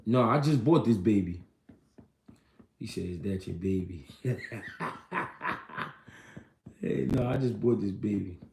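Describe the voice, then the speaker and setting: Livestream host, male, gravelly and laid-back, slangy chatter, echoey room. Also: fairly low pitch, takes it slowly, long pauses, a little mellow, a little hiss or hum. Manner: loose, slangy, reads and answers viewer comments. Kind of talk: casual livestream chat about boxing.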